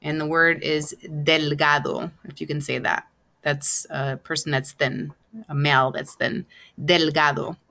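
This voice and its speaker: A woman teacher records an online lesson, dictating words slowly letter by letter and patiently repeating them. Her voice sits low, with a bright edge, and her pace is unhurried. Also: level tone, vocal fry. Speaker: Spanish teacher.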